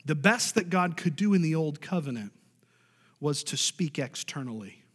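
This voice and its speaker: Man, pastor, sermon, emphatic, high-pitched, long echo of a big hall. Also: animated, moderate pace, husky. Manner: emphatic preaching, asks the congregation for responses.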